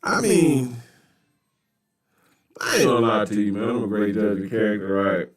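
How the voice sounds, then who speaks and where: A podcast host reacts to a video in a loose, mocking riff packed with street slang. His voice is lowish and his pace moderate. He sits back from a distant mic, so the sound is roomy.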